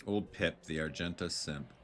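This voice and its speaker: A man streaming a video game live, thinking out loud in a laid-back, jokey way. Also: deep voice, moderate pace, faint music behind. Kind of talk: casual live gameplay commentary.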